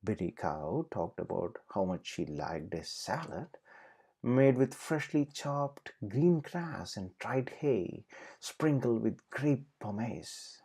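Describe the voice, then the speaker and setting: A woman narrating a children's storybook with very expressive, swooping intonation. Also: a bass voice, slow pace, breathy edge.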